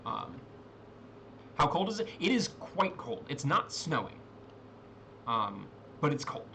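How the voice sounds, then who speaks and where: A man's voice: mid-range voice, big pitch swings, slow, gravelly, pushed and bright, a little hiss or hum. A man narrating a tabletop role-playing game as game master, rambling with many fillers and restarts.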